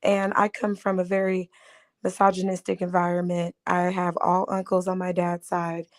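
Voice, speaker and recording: A woman speaking as a guest on a panel, earnest, with a raspy voice from a cold. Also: on the low side, completely flat delivery, moderate pace. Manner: earnest, laughs between phrases. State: raspy voice from a respiratory illness. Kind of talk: casual panel discussion.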